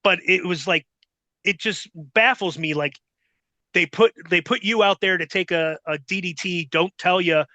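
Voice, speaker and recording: Middle-aged guy swearing his way thru a rambling story, high bright voice, dry close sound. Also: normal speed, no room sound. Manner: profane, rambling, animated retelling. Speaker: guest. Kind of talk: casual storytelling chat.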